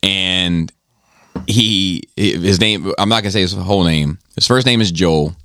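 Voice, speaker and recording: A man's voice: low voice, measured pace, fairly bright tone, no room sound. A man hosting a casual podcast, telling a rambling, profanity-laced story. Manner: rambling storyteller, swears often. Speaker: podcast host.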